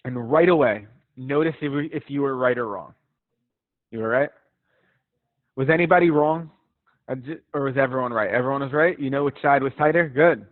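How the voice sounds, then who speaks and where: A male fitness instructor leads a live guided stretching class over a call, relaxed and encouraging, chatty with small laughs. He speaks at medium pitch and a moderate pace, with long pauses. The sound is dry and tinny, like a phone.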